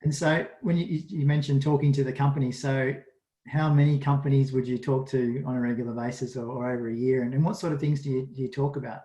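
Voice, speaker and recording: A man's voice: mid-range voice, fairly even intonation, quick pace, dark tone, reverberant, poor audio. A man hosting a webinar interview, asking easygoing questions with "um" and repeated starts. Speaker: webinar host.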